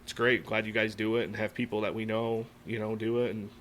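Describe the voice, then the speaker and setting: A man's voice: lowish voice, little pitch movement, brisk, a bit bright. Man, new york accent, casual podcast guest, rambling, fillers, slight background noise. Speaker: podcast guest, firearms trainer.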